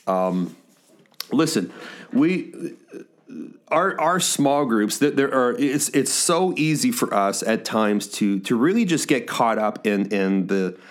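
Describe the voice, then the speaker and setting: A middle-aged male pastor talking earnestly to small-group leaders on a podcast, halting often with restarts and fillers. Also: mid-range voice.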